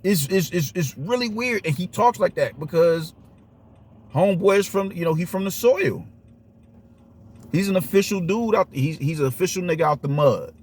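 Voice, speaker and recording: A man's voice: sits high, moderate pace, darkish tone, husky. A man giving a casual opinion monologue on boxing, emphatic and repetitive, with streetwise slang. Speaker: boxing commentator.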